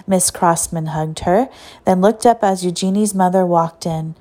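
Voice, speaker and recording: A woman's voice: fairly low pitch, moderate pace, mellow. Woman reading a story aloud. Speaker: audiobook narrator. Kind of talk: scripted storybook narration.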